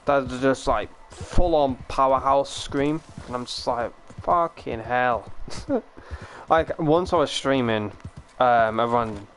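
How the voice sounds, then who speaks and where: A man's voice: mid-range voice, a little slow. A young British man with a British accent, chatting casually and rambling on a game stream, swearing now and then and laughing often. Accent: British English.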